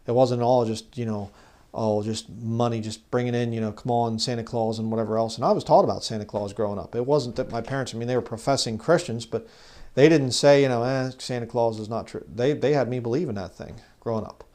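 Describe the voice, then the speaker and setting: A man giving an informal bible teaching, talking conversationally and growing louder when he reads scripture. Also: mid-range voice, a little fast, few pauses. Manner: conversational, rises loud when reading scripture; mocks legalists in put-on voices. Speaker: preacher.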